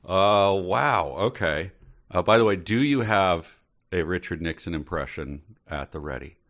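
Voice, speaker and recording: Deep voiced guy on a podcast, joking around, dry and wry. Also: measured pace, a bit bright. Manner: wry, amused guessing. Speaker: podcast co-host. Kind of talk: casual chat.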